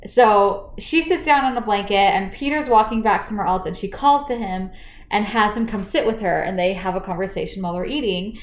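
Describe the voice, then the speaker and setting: A woman co-hosting a casual book chat, retelling the plot with lively acted-out quotes. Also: mid-range voice, a little fast, roomy sound. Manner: retells the plot animatedly, acting out the characters' lines. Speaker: podcast co-host recapping a book.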